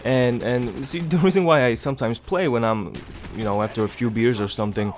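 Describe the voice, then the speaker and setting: A young man talks over his gameplay in a hushed, low voice, his nose stuffed up from a cold. He rambles loosely with lots of fillers and casual swearing. His pitch sits in the middle for a man. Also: a little fast, a little hiss or hum. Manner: hushed low voice to avoid waking others. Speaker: gaming channel host. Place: home, early morning.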